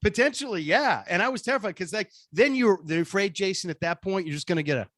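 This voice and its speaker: A radio personality being interviewed, telling a story casually and acting out the dialogue in voices. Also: male voice, high-pitched, fast, no room sound, clean studio sound. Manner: animated, laughing, acts out dialogue in voices. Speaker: radio show personality, guest.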